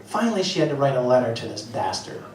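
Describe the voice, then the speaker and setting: Man, middle-aged, stand-up comedian, swearing, self-mocking, lively swooping pitch, echoey room, far from mic. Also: fast, a little hiss or hum. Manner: profane, self-mocking storytelling. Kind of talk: stand-up routine. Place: stage before a live audience. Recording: echoey venue, voice heard from a distance, loud ambience.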